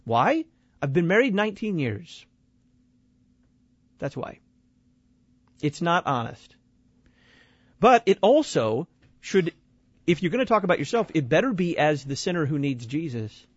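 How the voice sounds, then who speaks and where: Man from texas, blunt and wry talk host, higher voice, dry dull sound. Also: big pitch swings, a little slow, pauses often, slightly rough, dry recording. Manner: blunt, wry, repeats words when starting a point. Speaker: radio show host. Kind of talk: critiquing sermons on a talk show.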